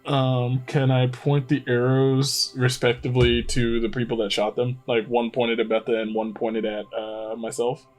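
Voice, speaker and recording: A man's voice: medium pitch, completely flat delivery, normal speed, hardly any pauses, a little mellow, faint music behind. A man playing a tabletop game, asking questions in a hesitant way with many ums. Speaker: player.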